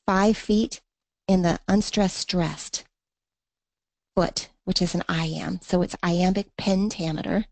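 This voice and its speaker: A woman's voice: fairly low pitch, moderate pace, creaky, a little mellow, no echo. A woman teaching a poetry lesson in an online class, thinking aloud with fillers and reading verse in a rhythmic beat. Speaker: literature teacher.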